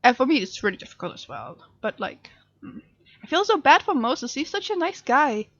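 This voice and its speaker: A woman's voice: high voice, big pitch swings, normal speed, a bit bright, no echo, muffled recording. Chatty woman commenting on a game. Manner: chatty, sympathetic reactions. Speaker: gaming streamer. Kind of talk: let's play commentary.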